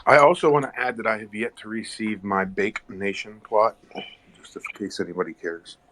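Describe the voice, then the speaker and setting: A man's voice: lowish voice, fairly even intonation, normal speed, a bit bright, poor audio. A man making wry jokes in a casual chat. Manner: joking, wry.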